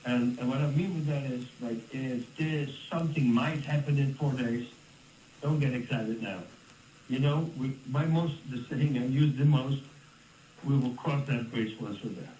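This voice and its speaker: Animated Dutch man in a roomy space. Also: mid-range voice, moderate pace, slight background noise. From Netherlands. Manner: animated, laughs often, restarts words. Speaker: interview guest, former fighter. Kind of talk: casual storytelling interview. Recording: roomy, distant mic with faint ambience.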